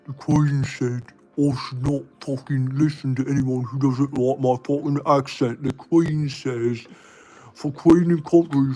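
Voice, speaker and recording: A man putting on a put-on English accent to play a crude, swearing self-styled English gentleman who keeps invoking the Queen. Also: on the high side, voice pushed up, poor audio. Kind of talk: comic improv bit during a casual build stream.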